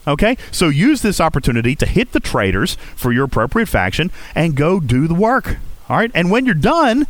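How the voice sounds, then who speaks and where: A man's voice: fairly high pitch, big pitch swings, normal speed, no room sound. A man hosting a gaming podcast, talking casually and coaching listeners, often checking in with "okay?". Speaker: podcast host.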